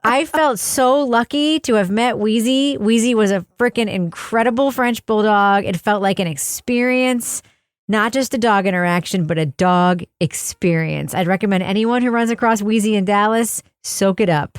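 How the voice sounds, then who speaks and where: A woman hosting a podcast, chatting casually and enthusiastically with quick asides. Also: mid-range voice, smooth, dry recording, clean studio sound. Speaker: podcast host. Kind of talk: casual podcast chat and outro. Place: home studio.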